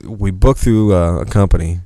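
A man's voice: sits low, moderate pace, warm tone. A man who plays in a band, telling rambling, profanity-filled stories in a casual chat. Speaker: musician guest.

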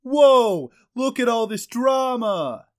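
A man voicing a loud male character who exclaims over drama in a drawn-out, high voice. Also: expressive, exaggerated voice. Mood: exclaiming.

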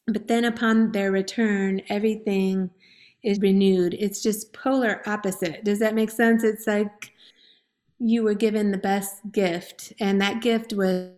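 A woman's voice: mid-range voice, steady tone, a little slow, a little mellow. Earnest woman sharing a faith testimony. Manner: earnest storytelling, laughing and tearful at times. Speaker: guest. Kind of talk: personal testimony in a faith interview.

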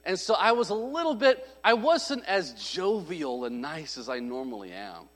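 A man's voice: fairly high pitch, big pitch swings, normal speed, a bit bright. A man preaching a sermon, telling a story in a conversational, humorous way and acting out the voices of people he quotes. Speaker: pastor. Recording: long hall reverb.

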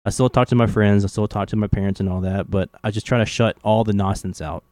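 A man's voice: on the low side, fairly even intonation, fast, darkish tone, dry recording, studio quality. A man from Kentucky with a faint Southern accent, chatting casually on a podcast with lots of fillers. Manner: rambling, many "like" and "you know" fillers. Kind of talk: casual conversation.

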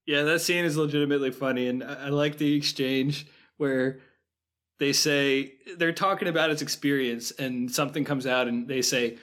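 A man's voice: medium pitch, steady tone, moderate pace, fairly bright tone. A man co-hosting a podcast, chatting casually about a film and thinking aloud with restarts and fillers. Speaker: podcast co-host.

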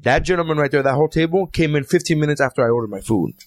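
Podcast co-host, young man, indignant storyteller, rapid delivery. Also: on the high side, animated, dry recording. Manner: worked-up, indignant storytelling with heavy swearing. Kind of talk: casual chat.

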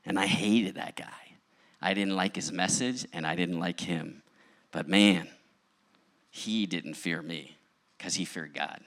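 A man's voice: sits low, slow, a bit bright. A male pastor preaching a sermon, telling his own story in a candid, conversational way. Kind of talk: sermon with personal testimony.

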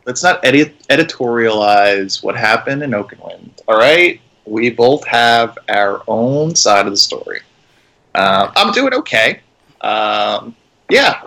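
Animated, bright-voiced man bluffing in character. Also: medium pitch, slow pace. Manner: flustered, rambling, sheepish bluster. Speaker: player. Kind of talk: in-character tabletop role-play.

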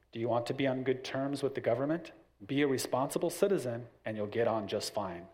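A man's voice: mid-range voice, a little fast, darkish tone. A man giving a church parenting talk, explaining his points through stories with acted-out voices. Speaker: parenting class teacher.

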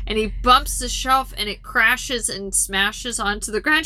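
A woman's voice: on the high side, moderate pace, hardly any pauses, pushed and bright. A woman retelling a film's plot in a casual, rambling chat with frequent ums. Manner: chatty and rambling, lots of ums.

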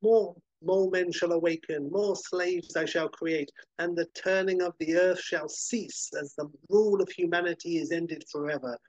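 A man's voice: a little high, fairly even intonation, moderate pace, hardly any pauses, darkish tone, no echo, muffled recording, pitched above the performer's own voice, close to an everyday voice. A man ranting as a pompous brain-domed villain. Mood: gloating. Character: grandiose male mad-scientist villain, brain in a dome.

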